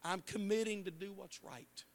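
A male pastor preaching a passionate sermon in a church, moving from hushed words to shouts, with a Midwestern American accent. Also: high-pitched, steady tone, normal speed, gravelly. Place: church sanctuary.

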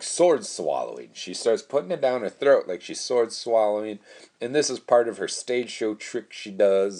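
A young man hosting his own podcast, telling a story in a rambling, casual way, laughing often and swearing freely. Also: sits low. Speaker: podcast host.

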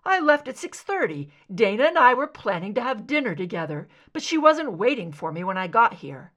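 A woman's voice: fairly high pitch, sing-song, a little fast, a bit bright. A woman reading aloud, voicing a worried and protective adult man who speaks earnestly.

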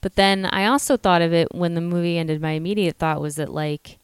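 A woman's voice: on the low side, fairly even intonation, clear, resonant tone, dry recording. A woman co-hosting a podcast, discussing a film in a chatty way full of "like". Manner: chatty, lots of "like", quick laughs. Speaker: podcast co-host.

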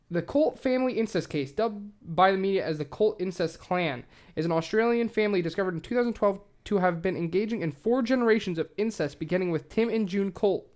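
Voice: mid-range voice, a little mellow. A casual podcast host talking through a true-crime case, swearing constantly and rambling with lots of fillers. He admits to being a little tipsy, and the delivery stays loose and informal.

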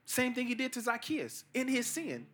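A man's voice: big pitch swings, moderate pace, fairly bright tone. A middle-aged man preaching a sermon with emphatic, rising delivery and casual slang. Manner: emphatic preaching that rises high on key points, casual slang. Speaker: pastor, team chaplain.

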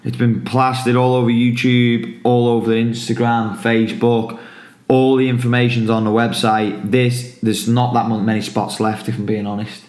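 A man's voice: mid-range voice, little pitch movement, normal speed, darkish tone, roomy sound. A man hosting a casual football podcast, laid-back as he plugs his coaching camps.

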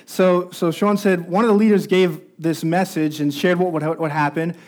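A man's voice: high voice, fairly even intonation, moderate pace. A man preaching a sermon as pastor, telling a story and growing more intense as it builds. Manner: storytelling, rising intensity at climaxes.

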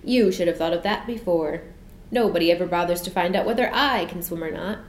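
A woman's voice: fairly low pitch, brisk, echoey room, a little hiss or hum, close to an everyday voice. A woman voicing a small black seal who talks in a bitter, angry way. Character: bitter little male seal.

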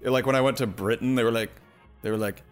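A man's voice: mid-range voice, fairly even intonation, fast talker, faint music behind. A man co-hosting a podcast, chatting casually with playful, laughing reactions. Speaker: podcast co-host. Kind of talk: casual chat.

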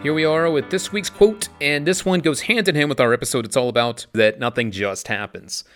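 A man's voice: fairly high pitch, a little fast, soft background music. A man hosting his own podcast, talking in an upbeat, chatty and emphatic way about mindfulness. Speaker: podcast host. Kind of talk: casual motivational talk.

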